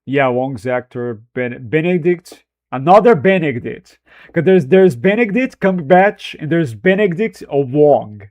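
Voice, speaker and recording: A male streamer talks casually to his chat while editing footage, drifting from thought to thought and poking fun at himself. His voice sits a little high. The sound is close and dry, with no room echo. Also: animated, a little slow, darkish tone, lo-fi sound. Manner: rambling, self-deprecating, often laughing.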